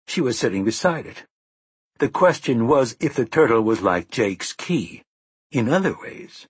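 A man narrating an audiobook in a measured, expressive storytelling manner. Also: medium pitch, husky, no echo.

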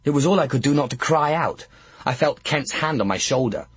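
A man's voice: mid-range voice, normal speed, slightly rough, no echo. A man narrating an audiobook with a wry, dry comic delivery, close to the mic.

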